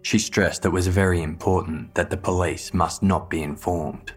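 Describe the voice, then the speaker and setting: A man narrating a true-crime story in a measured, grave, scripted manner. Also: low-pitched, steady tone, slightly rough, faint music behind.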